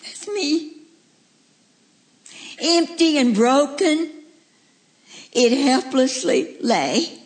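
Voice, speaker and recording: A woman's voice: high voice, expressive, very slow, long pauses. A woman preaching a heartfelt sermon as a radio preacher, telling stories and reading a poem. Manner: storytelling, heartfelt.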